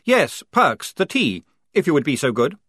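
Male reader doing a high, lively, fussy young officer, prim and polite, dry close sound. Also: moderate pace, slightly rough, no echo, heavily acted.

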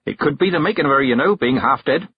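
A man voicing a stern, blunt old woman witch who talks in plain, rough country grammar, in a storybook reading. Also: fairly high pitch, expressive, fast talker, dry recording, muffled recording, pitched above the performer's own voice. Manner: gruff, plain-spoken, dropped-g country grammar.

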